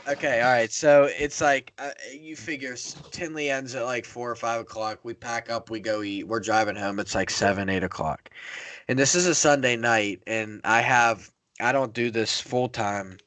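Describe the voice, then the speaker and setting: A man's voice: medium pitch, normal speed, fairly bright tone. A young man from the Pittsburgh area hosting a casual podcast, telling a rambling, profane road-trip story. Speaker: podcast host.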